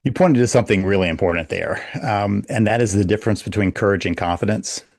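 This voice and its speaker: Low-voiced man, measured guest. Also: a little mellow, dry recording, clean studio sound. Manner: measured, explanatory. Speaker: book coach guest. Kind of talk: podcast interview.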